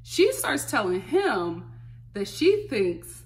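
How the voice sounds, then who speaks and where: A woman's voice: on the high side, sing-song, slow. A woman vlogger recapping a reality show in casual, gossipy commentary, laughing often and recording on her phone.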